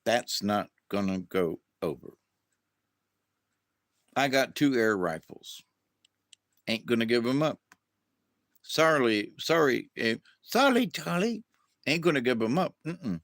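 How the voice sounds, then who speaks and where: Slow rambling man on a livestream. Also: medium pitch, very animated, a bit bright, dry recording. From southern United States. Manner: drawn-out, rambling, with restarts and acted-out quotes. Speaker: livestream host. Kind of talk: rambling casual livestream chat.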